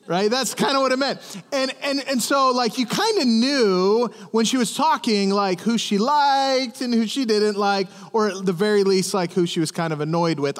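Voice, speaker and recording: A man's voice: high-pitched, moderate pace, long reverb tail. A man preaching a sermon to a congregation in a conversational way, often restarting words and asking the listeners questions. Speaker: pastor. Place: church service.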